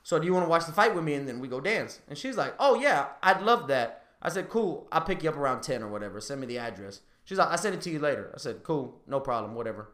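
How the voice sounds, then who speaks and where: A man's voice: fast, few pauses, reverberant. A man hosting a podcast, telling a dating story in casual chat and laughing as he gets worked up. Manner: animated, laughing storyteller, rises high when excited. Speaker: podcast host.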